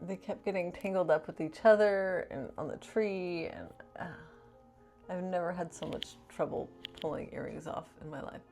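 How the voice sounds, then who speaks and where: A woman with a deep voice and a gravelly, fry-edged tone talks casually to her camera. She rambles from thought to thought and fills her sentences with "like". Faint music plays behind her. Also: normal speed, a little mellow. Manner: rambling, chatty, many "like" fillers. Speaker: vlogger.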